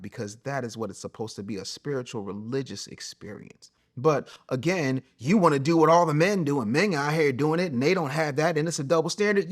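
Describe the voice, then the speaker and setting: Blunt, preachy man giving advice. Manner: preachy and blunt, mocking put-on voices, swings from loud to low. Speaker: host and relationship coach. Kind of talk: solo advice monologue to camera.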